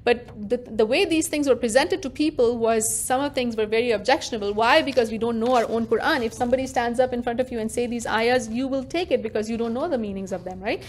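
A woman teaching a religious lesson to a class, animated and interactive, often questioning her listeners directly. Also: fairly high pitch, fast talker, hardly any pauses, slight background noise. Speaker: Quran teacher.

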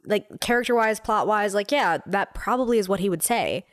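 A woman's voice: medium pitch, expressive, fairly quick, dry recording. A young woman co-hosts a casual podcast chat in a mid-range voice, recorded close and dry. She fills her talk with "like" and keeps agreeing with her partner. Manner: chatty, filler-heavy, agreeable. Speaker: podcast co-host.

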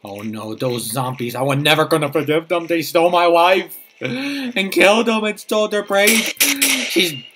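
Excitable man narrating his gameplay. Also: on the high side, moderate pace, background noise. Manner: excitable, flustered, repeats himself. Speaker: gaming channel host. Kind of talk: let's play commentary.

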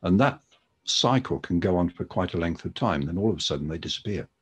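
Very deep-voiced man giving a webinar lecture. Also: expressive, fairly quick, slightly rough. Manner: conversational, with frequent ums and restarts. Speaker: podiatry lecturer.

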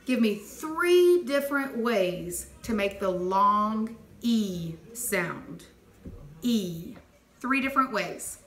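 A woman teacher leading a phonics dictation lesson, clearly sounding out letters and words and praising answers. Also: mid-range voice, animated, slow pace. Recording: echoey room with faint noise.

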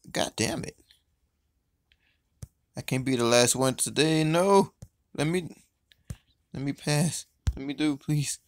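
A man giving casual, excitable commentary while playing a mobile game, swearing often and swinging between loud outbursts and low mutters. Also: slow, pauses often, dry recording, clean studio sound.

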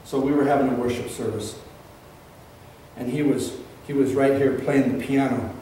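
A man preaching a sermon as pastor, telling a story that builds into fervent, shouted preaching. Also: mid-range voice, fairly even intonation, moderate pace, slight background noise. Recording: echoey room, distant mic.

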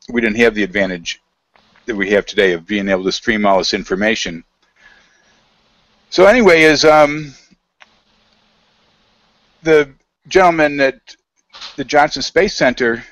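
A man's voice: mid-range voice, a bit bright, dry recording. Rambling man telling a story on a call. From United States. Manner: rambling, halting, many fillers, quotes others in dialogue. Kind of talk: casual storytelling over a video call.

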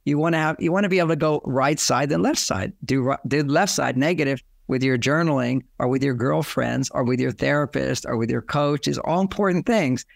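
A man's voice: medium pitch, fairly quick, vocal fry, hardly any pauses, no echo, studio quality. A man giving relationship advice as a guest in an interview, rambling and often acting out quoted dialogue.

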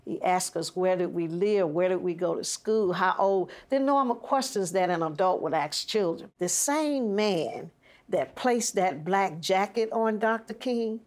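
A woman's voice: medium pitch, unhurried, darkish tone. Woman telling a vivid childhood story. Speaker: interviewee. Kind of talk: storytelling recollection.

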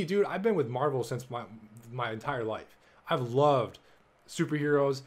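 A young man hosting a casual solo podcast, excitable and full of swearing, jumping between loud bursts and low mumbles. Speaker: podcast host.

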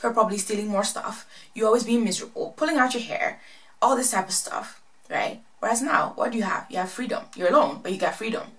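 A woman casually recapping and commenting on a reality show, chatty and animated, acting out what the people said. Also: fairly high pitch, quick pace. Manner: chatty, animated, quotes people in exaggerated voices.

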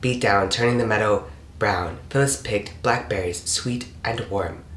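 A man's voice: on the low side, a little slow, fairly bright tone. Man reading a picture book aloud. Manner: reads in tandem, echoing a co-reader. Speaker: storybook reader. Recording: echoey room with faint hiss.

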